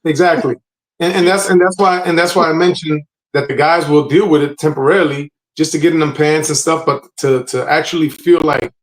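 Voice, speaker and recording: A man's voice: on the high side, fairly quick, poor audio. A man co-hosting a podcast, talking casually but emphatically, often repeating his points. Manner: emphatic, lecturing, repeats phrases. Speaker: podcast co-host.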